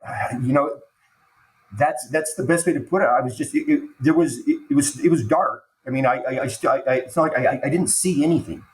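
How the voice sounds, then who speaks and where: A man recounting a frightening personal experience as a podcast guest, halting and stumbling over restarts, sounding choked up as he talks. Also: medium pitch, a little hiss or hum. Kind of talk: emotional personal storytelling. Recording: roomy echo.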